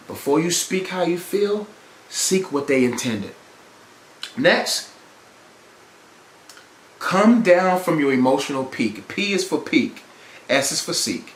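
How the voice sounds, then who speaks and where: A man with a high, very lively voice preaches relationship advice on his podcast, repeating his points with emphasis. The sound is roomy and echoey. He talks like a preacher at a pulpit. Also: slow, pauses often, slight background noise. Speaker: podcast host. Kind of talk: preachy motivational relationship talk.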